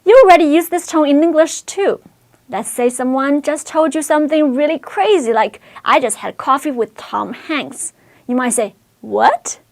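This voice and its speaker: A woman teacher clearly explaining pronunciation in a lesson clip. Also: high-pitched, normal speed.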